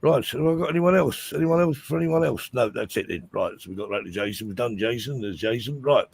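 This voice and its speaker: A man's voice: mid-range voice, expressive, quick pace, creaky, slightly rough. A man hosting a live chat show, chatty and loose, often laughing. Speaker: host.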